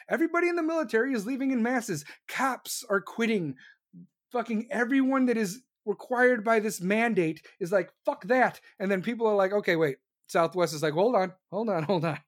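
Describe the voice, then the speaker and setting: Ranting host, mid-pitched voice, sarcastic, constant swearing, fast heated delivery, repeats points for emphasis. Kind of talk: profane ranting commentary.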